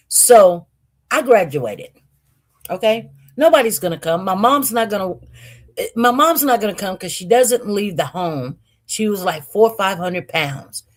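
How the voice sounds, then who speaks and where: A woman casually telling a personal story, candid and animated, with frequent restarts and acted-out quotes. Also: mid-range voice.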